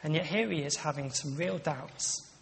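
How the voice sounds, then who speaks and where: A man's voice: a little high, moderate pace, vocal fry. A man giving a conversational sermon, with frequent restarts and asides. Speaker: preacher. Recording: long reverb of a large hall.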